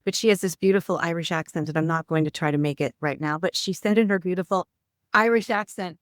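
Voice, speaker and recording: A woman's voice: fairly low pitch, fast, no room sound, clean studio sound. A woman hosting a podcast interview, speaking earnestly and turning to address her listeners directly. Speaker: podcast host. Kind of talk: interview conversation.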